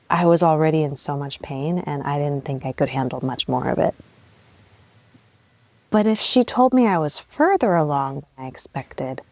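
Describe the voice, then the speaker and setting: Young adult woman podcast host with a low voice and a dry, close sound. Frank, animated storyteller. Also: no echo. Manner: candid and animated, swears freely, laughs at herself. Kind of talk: personal storytelling monologue.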